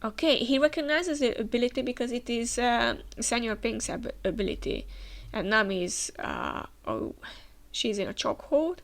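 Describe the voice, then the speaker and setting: A woman's voice: fairly high pitch, animated, normal speed, gravelly. A woman hosting a manga reaction, chatting as she reads the panels aloud. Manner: chatty, with frequent fillers and restarts. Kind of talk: reading manga aloud with comments.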